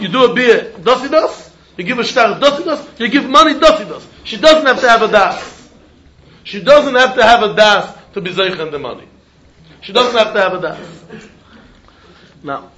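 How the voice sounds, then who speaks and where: A man giving a Talmud lesson in a lively, questioning way, mixing Yiddish terms into his English. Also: sits high. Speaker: Talmud teacher. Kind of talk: yeshiva-style Talmud lesson. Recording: dull echoey room with faint noise.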